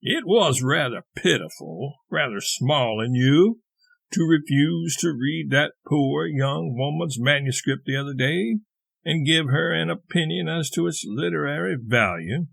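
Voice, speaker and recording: A man voicing a small, contemptuous, moldy male dwarf who speaks in a slow sneering drawl. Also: fairly high pitch, expressive, vocal fry, fairly bright tone, slightly rough, heavily acted. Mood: reproachful.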